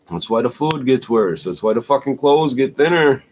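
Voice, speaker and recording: A man's voice: mid-range voice, expressive, moderate pace, hardly any pauses, a little mellow. Sardonic man ranting, lo-fi. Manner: crude, sardonic, scornful. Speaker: vlogger. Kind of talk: profane ranting monologue. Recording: dull lo-fi recording with faint hiss.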